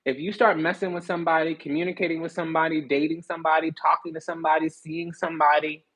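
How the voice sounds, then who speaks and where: A man's voice: on the high side, flat delivery, quick pace, fairly bright tone, low-quality recording. A man giving a casual tarot reading, talking bluntly in slang and with swearing, and often stopping to restart his sentences. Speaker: tarot reader.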